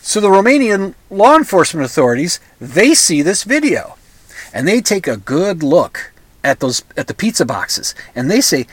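Older man rambling with lively pitch. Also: moderate pace, no echo. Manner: rambling, sarcastic, with many restarts and asides. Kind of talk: casual monologue.

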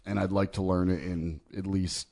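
A man hosting a casual podcast chat, rambling with halting restarts and deadpan jokes. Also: sits low, gravelly. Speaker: podcast host.

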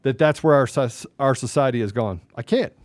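A man co-hosting a political talk show, angry and emphatic, swinging between loud outbursts and low muttering. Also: fairly quick, dry recording. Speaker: podcast co-host.

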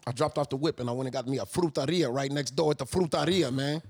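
A man co-hosting a casual chat, animated and joking, heavy on slang. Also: mid-range voice, fast, breathy edge. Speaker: podcast co-host.

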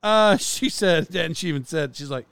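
A man's voice: on the high side, moderate pace, gravelly, a bit bright, smooth, no room sound. A man in his forties hosting his podcast, chatting in a rambling, self-deprecating way with lots of fillers and restarts. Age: 40s. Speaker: podcast host. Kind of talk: casual rambling monologue.

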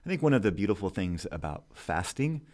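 Deep-voiced reflective man. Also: sing-song, a little fast, a little mellow. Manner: reflective, agreeable, many brief affirmations. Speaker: podcast co-host. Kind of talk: casual theological discussion.

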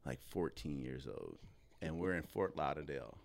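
A man with a very low voice speaks as a guest on a comedy chat show. He tells his story in a relaxed, hesitant way, and the sound is dry and close. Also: moderate pace, vocal fry, no room sound. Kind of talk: casual chat.

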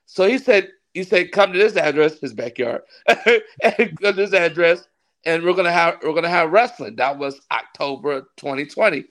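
A man, a pastor, tells a long story in a relaxed interview. His voice sits a little high, and he is animated, often laughing as he acts out the people in his story. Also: moderate pace. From California. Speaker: pastor and wrestling ring announcer.

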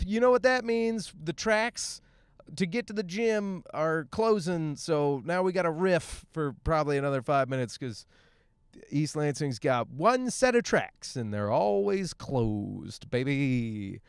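A man in his thirties talks off the cuff in his car, riffing and swearing as he goes. His voice is smooth and clear and sits a little high for a man. He rambles, restarts and jokes through a loose podcast monologue. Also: big pitch swings, unhurried, no echo. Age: 30s. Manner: rambling, profane, jokey. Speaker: podcast host. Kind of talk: casual monologue while driving.

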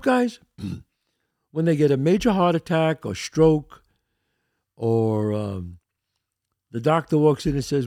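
A man's voice: fairly high pitch, very animated, slow, pauses often, a little mellow, no room sound, studio quality. A man hosting a show, talking emphatically in a motivational monologue and acting out the voices he quotes. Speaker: podcast host.

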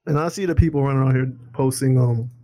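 A man's voice: medium pitch, fast, no echo, highs cut off. A man co-hosting a casual podcast chat, thoughtful and hedging, often repeating words as he starts a point. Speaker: podcast co-host.

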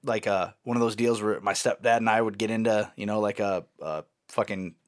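A man's voice: on the low side, steady tone, fairly quick. A man in his thirties telling a story in casual chat, rambling and self-mocking, often laughing at himself.

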